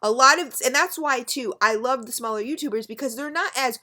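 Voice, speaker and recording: A woman's voice: high voice, brisk, sharp tone. A woman in her thirties ranting frankly to her webcam at home, blunt and swearing freely. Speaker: beauty and vape vlogger. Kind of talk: unscripted webcam rant.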